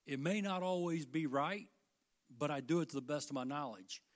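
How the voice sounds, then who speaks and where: An older man preaches a sermon straight to his congregation with fervent energy, at a moderate pace. His fairly high voice rises into loud passages, then falls back to quiet, earnest stretches.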